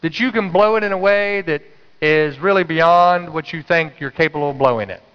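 A man's voice: normal speed, clear, resonant tone. A man from North Carolina, preaching a sermon and telling a story animatedly, acting out his own inner voice. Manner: animated, acts out his own inner voice with sudden high jumps. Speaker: pastor. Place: church sanctuary. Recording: dull, reverberant church sound.

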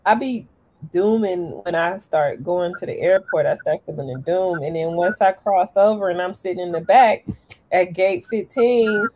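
A woman on a casual panel who tells her stories in a lively way, calling out to listeners. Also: fairly low pitch, moderate pace, no echo. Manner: lively storyteller, addresses listeners as y'all. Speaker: panelist living abroad.

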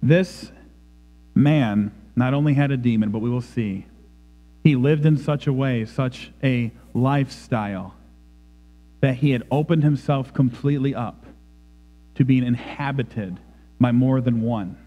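A man's voice: mid-range voice, unhurried, big-room sound, dull audio. A man preaching a sermon in a church, emphatic and dramatic. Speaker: pastor. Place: church sanctuary.

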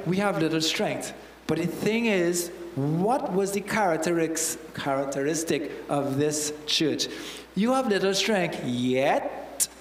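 Trinidadian preacher in an echoey hall. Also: male voice, a little high, slight background noise. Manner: conversational preaching, frequent "all right?" check-ins. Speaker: church elder preaching. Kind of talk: sermon.

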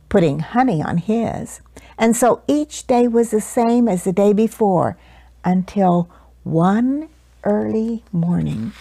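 A woman reads a children's picture book aloud, telling the story expressively in a fairly high-pitched voice with no echo.

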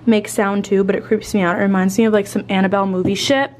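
A lifestyle vlogger in her twenties talks fast in a medium-pitched, darkish voice with fairly even intonation. Showing off her home, she gushes about her holiday decorating, a bit out of breath and swearing casually in a relaxed home tour chat.

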